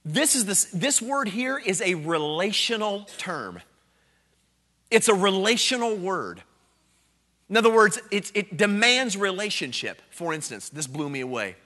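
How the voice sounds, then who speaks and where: With a high voice, big pitch swings and an unhurried delivery, a man preaches a revival sermon as an evangelist. Earnest and self-deprecating, he moves between hushed storytelling and loud, emphatic bursts.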